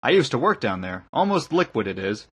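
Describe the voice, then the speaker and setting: A man's voice: medium pitch, very animated, a little fast, husky. A man reading the part of an older locksmith in an audiobook, easygoing and matter-of-fact. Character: plain-spoken older male locksmith.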